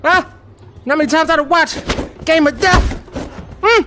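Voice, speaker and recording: A man giving live commentary while playing a VR fighting game. He trash-talks his opponent, lets out loud whoops and makes chatty asides to viewers. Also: very high-pitched, moderate pace, noisy background.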